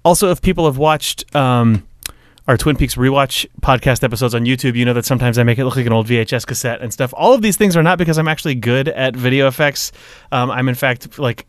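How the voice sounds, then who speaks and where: A man's voice: medium pitch, fast talker, smooth, no room sound. A young man co-hosting a podcast, chatting casually with dry, teasing jokes. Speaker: podcast co-host. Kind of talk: casual chat.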